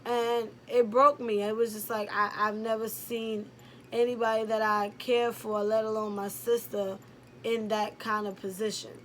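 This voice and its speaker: A woman's voice: fairly high pitch, little pitch movement, a little slow, a little hiss or hum. Candid young woman. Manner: candid and rambling, heavy on "like" and "um". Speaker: YouTuber telling a personal story. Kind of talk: casual storytime.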